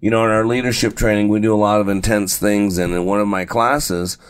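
A man hosting a motivational radio show, talking conversationally with lots of "uh" and "right?", slowing down to stress key phrases. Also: on the low side, steady tone, smooth. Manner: conversational, fillers and frequent tag "right?". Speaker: radio and podcast host. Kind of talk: motivational talk show monologue.

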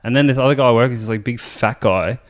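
A man's voice: medium pitch, fast talker. An Australian man co-hosting a podcast, telling stories in casual chat with lots of swearing and laughter. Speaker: podcast co-host.

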